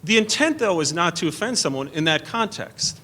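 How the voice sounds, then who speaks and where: A man's voice: fairly high pitch, sing-song, fairly quick, bright, forceful tone. A middle-aged man answering in a debate from a stage podium, earnest and stumbling over restarts. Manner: earnest, repeats and restarts under pressure.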